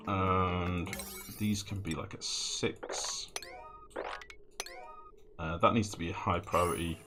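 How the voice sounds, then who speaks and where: Deep-voiced man streaming a game. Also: fairly even intonation, slow. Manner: thinks aloud, swears casually, chats with viewers. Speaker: gaming streamer. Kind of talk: casual live game commentary. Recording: game music under the voice.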